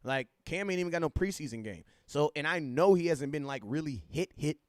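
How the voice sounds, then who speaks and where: A man hosting a casual sports livestream, talking animatedly, repeating himself and giving shout-outs to viewers. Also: a little high, animated, a little fast, dry recording, studio quality. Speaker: livestream host.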